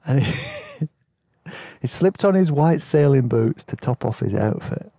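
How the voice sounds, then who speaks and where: A man rambles through a travel story in a relaxed, chatty way, full of slang and easy laughs. His voice is gravelly and mellow. It is recorded close up and dry on a podcast mic. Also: on the high side, takes it slowly, no room sound. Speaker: podcast host telling travel stories. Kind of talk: casual storytelling.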